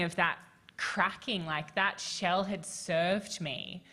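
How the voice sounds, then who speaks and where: This is a woman speaking on a festival panel, with a notably low voice. She talks candidly and with feeling, her thoughts running on with casual fillers. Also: steady tone, slow, sharp tone. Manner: frank and emotional, with many fillers and laughs. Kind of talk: candid conversational panel talk.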